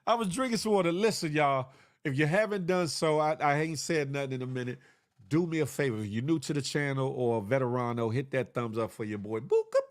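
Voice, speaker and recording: A man's voice: mid-range voice, brisk, no echo, clean studio sound. A man hosting a live online show, chatting casually with viewers in a loose, joking way, full of slang and sound effects. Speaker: livestream show host.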